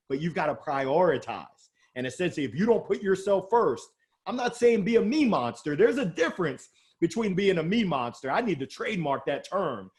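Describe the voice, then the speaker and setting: A man speaking as an interview guest about sales, lively and joking, with strong emphasis. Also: fairly high pitch. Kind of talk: energetic motivational interview talk.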